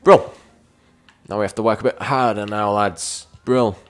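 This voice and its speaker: Lowish gamer, frustrated outbursts. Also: male voice, fairly even intonation, moderate pace, clean tone. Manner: chatty, talks to viewers as lads, bursts into frustrated shouts at the game. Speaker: gaming YouTuber. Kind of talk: let's-play game commentary.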